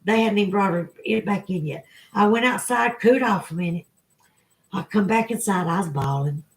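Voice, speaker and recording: A woman's voice: medium pitch, moderate pace. Southern lady chatting on a livestream, heartfelt, talks straight to y'all. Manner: emotional storytelling, tearful at times. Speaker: livestream host. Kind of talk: casual chat to viewers.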